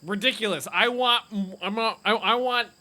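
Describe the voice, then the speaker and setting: A man's voice: sits high, animated, unhurried, pushed and bright. A man casually chatting with viewers while streaming a game, rambling and laughing often.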